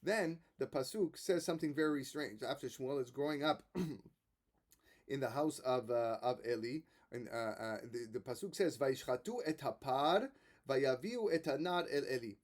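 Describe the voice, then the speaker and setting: A man who is a rabbi giving a Torah lesson, retelling the stories with animated quoted voices and frequent restarts. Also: mid-range voice, moderate pace.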